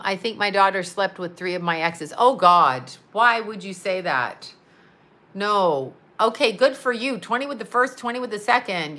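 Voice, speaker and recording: Bright-voiced, blunt Canadian woman streaming. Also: mid-range voice. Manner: blunt, profane, chatty, laughing often. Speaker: livestream host reading chat. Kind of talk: casual livestream chat.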